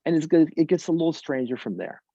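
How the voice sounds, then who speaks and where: A man telling a wry personal story on stage, halting and full of restarts. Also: on the high side, animated, warm tone, no room sound, lo-fi sound.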